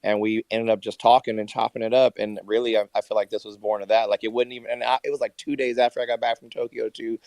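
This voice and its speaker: A man's voice: medium pitch, flat delivery, quick pace, gravelly, few pauses, darkish tone, no echo. A tired man in casual chat on a live audio space, talking in a laid-back, rambling way with many restarts. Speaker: Twitter Spaces speaker.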